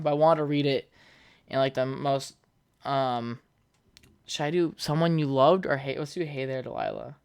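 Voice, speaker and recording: A man's voice: a little high, smooth, dry recording, studio quality. A young man hosting his own podcast alone, rambling casually, swearing a lot and laughing at his own jokes. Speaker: podcast host. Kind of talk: casual solo podcast chat.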